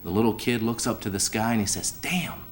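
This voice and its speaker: A man's voice: on the low side, fairly even intonation, quick pace, slight background noise. A man hosting a sports hall of fame banquet as emcee, telling a folksy joke at the podium. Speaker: host and emcee.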